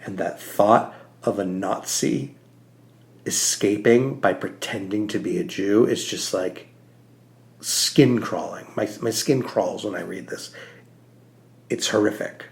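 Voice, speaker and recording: A man's voice: lowish voice, slow pace, vocal fry. A man co-hosting a podcast, talking earnestly and animatedly about a comic, with frequent "like" fillers. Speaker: podcast co-host. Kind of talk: casual podcast discussion.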